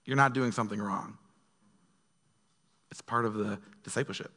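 A man leading a relaxed Bible study as pastor, talking conversationally and acting out quoted voices. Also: on the low side, normal speed, long pauses, in a large hall. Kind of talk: casual Bible study teaching.

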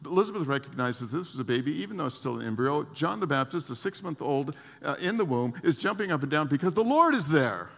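A man preaching a lively sermon to his congregation, with laughs and asides. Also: on the high side, fast talker, gravelly, few pauses, big-room sound. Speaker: pastor.

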